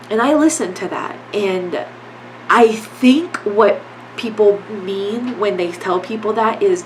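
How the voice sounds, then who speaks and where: Woman podcast host, middle pitch, blunt and earnest, casual swearing, faint background noise. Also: fairly bright tone, low-quality recording. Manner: blunt, earnest, repetitive urging. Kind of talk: solo podcast talk on grief.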